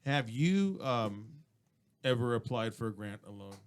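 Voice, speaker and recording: A man's voice: mid-range voice, lively intonation, unhurried, clear, resonant tone. A man hosting a casual chat show, telling loose, profane stories through laughter. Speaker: podcast host.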